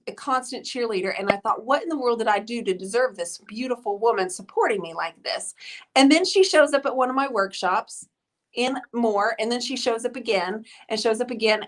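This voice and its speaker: A woman's voice: medium pitch, fairly bright tone, poor audio. A woman hosting a live stream, chatting and telling a story with bubbly, effusive energy. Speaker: host of a live painting stream. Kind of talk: casual live-stream chat.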